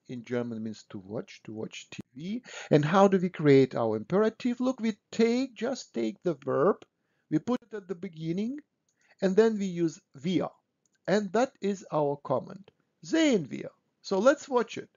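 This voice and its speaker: A man's voice: on the high side, darkish tone. Man teaching German grammar, dull lo-fi sound. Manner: patient, repeats "no?" to check understanding. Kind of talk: explaining grammar to learners.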